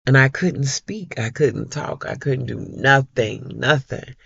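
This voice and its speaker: A middle-aged woman vlogger chatting to her viewers, telling a personal story in a slow, heartfelt way and calling them y'all. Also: very deep voice, expressive, gravelly, a bit bright, breathy edge, no echo, dull audio. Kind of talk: casual chat to viewers.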